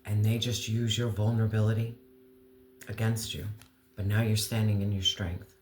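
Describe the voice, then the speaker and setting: A man giving an earnest, emotional tarot reading, slowing down to stress key words. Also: on the low side, fairly even intonation, echoey room, a little hiss or hum. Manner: earnest, emotional, slow deliberate emphasis. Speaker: tarot reader.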